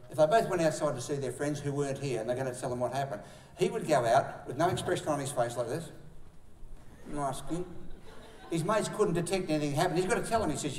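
A man's voice: fairly high pitch, darkish tone. A man telling stories at a live seminar, acting out the voices he quotes. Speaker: seminar speaker. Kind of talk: live seminar talk to an audience. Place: large room with an audience. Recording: echoey room, voice from far off.

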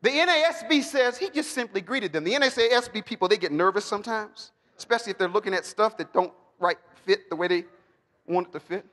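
A man teaching the Bible to a live audience, animated and joking, calling for responses and bursting into shouts. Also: high-pitched, fairly quick. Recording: long hall reverb.

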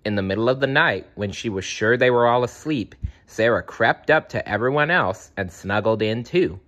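A man narrating a children's storybook in an expressive, dramatic way. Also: mid-range voice, normal speed. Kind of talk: storybook read-aloud.

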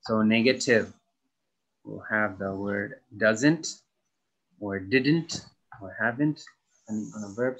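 A man teaching an English lesson to young students, explaining slowly and carefully and repeating instructions. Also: on the low side, fairly bright tone, slightly rough. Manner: slow, careful explaining to children. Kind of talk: recorded online lesson.

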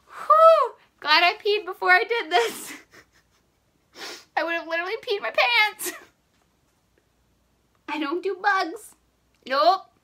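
A woman's voice: very high voice, slow, pauses often, bright, forceful tone. A young woman chatting through a live makeup tutorial, jittery and panicky, laughing between lines. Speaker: makeup vlogger.

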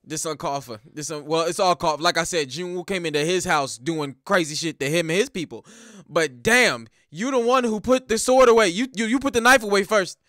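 A man hosting a reaction video, giving animated, slangy commentary full of profanity and laughing asides. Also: a little high, brisk, dry recording, clean studio sound. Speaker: reaction channel host.

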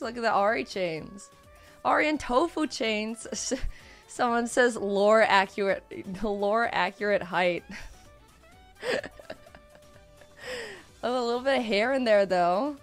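A woman streaming live in casual chat, hoarse and worn out, giggly and excitable, often repeating herself. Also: fairly high pitch, slow, pauses often, faint music behind.

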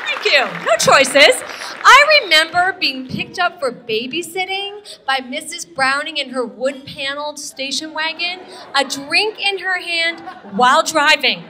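A middle-aged woman doing an energetic stand-up comedy set, talking to the audience and firing off quick questions. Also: high voice, some chatter behind, slight background noise. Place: comedy stage with a live audience.

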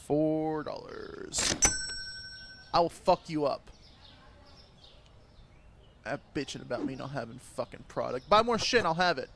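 A man's voice: on the high side, lively intonation, a little slow, gravelly, long pauses, slight background noise. A man giving crude, joking commentary while playing a game, trash-talking the characters on screen and laughing often. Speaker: gaming YouTuber. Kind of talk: gameplay commentary.

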